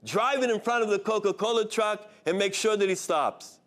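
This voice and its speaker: A man voicing a calm, saintly elderly male rabbi who speaks quietly and gently in a told story. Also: high voice, normal speed, voice pushed up. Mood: insistent. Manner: quiet, soft-spoken and serene.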